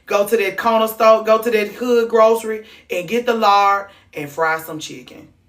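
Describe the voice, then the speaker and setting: A woman hosting a comedic monologue, ranting in a sassy, animated way with mock-sweet asides. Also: mid-range voice, normal speed, far from the mic. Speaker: host.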